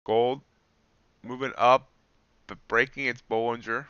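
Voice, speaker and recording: A man's voice: medium pitch, level tone, unhurried, a bit bright, clean tone, no echo, dull audio. A man live-streaming his trades, chatting casually and joking at his own slips as he explains the charts. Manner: chatty, self-deprecating, explains trades while watching charts.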